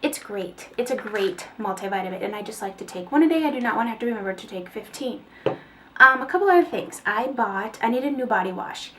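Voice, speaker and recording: Chatty female vlogger, slightly high voice, faint background noise, rambling home haul talk. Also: expressive, fairly quick, fairly bright tone. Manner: chatty, rambling, with fillers and small laughs. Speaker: beauty vlogger. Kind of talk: casual haul video chat.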